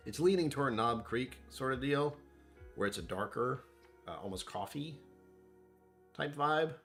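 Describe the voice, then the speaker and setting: A man's voice: mid-range voice, animated, unhurried, fairly bright tone, faint music behind. A man hosting a casual whiskey tasting vlog, rambling and self-deprecating as he thinks aloud about what he smells and tastes. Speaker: whiskey reviewer.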